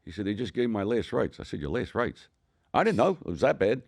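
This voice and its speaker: An older man with a Philadelphia accent tells stories in a deep, low voice. He talks quickly and rambles, restarting sentences and swearing casually as he goes. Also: gravelly. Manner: profane, rambling, animated storytelling. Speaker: podcast co-host telling stories. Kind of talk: casual storytelling.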